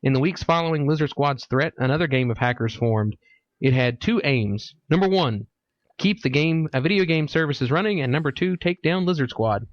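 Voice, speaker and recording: A man's voice: on the high side, animated, moderate pace, no echo. A man hosting a casual podcast, chatting crudely and reading news articles aloud. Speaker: podcast host. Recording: dull lo-fi podcast mic.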